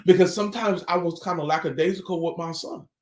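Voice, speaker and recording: A man's voice: a little high, fast talker, darkish tone, echoey room. A man giving a morning motivational talk about family life, earnest and preachy, returning again and again to pointed rhetorical questions.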